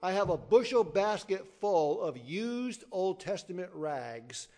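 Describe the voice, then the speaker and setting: A careless woman friend waves off the damage in a light, breezy tone, pitched a little high. A man voices her in a sermon. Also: lively intonation, slow pace, mellow, heavily acted. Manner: flippant, breezy.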